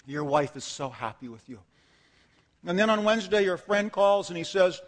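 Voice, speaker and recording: A man's voice: sits high, expressive, normal speed. A man preaching a sermon in a church, telling a dramatic story with acted asides and building to impassioned emphasis. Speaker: pastor. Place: church sanctuary. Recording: long hall reverb.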